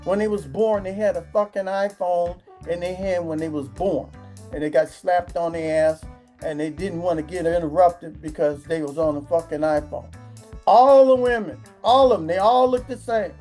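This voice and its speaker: Foul-mouthed woman ranting, mellow voice. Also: fairly low pitch, normal speed, faint music behind. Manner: crude, swearing, acts out quoted voices. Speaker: vlogger. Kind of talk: profane comedic rant.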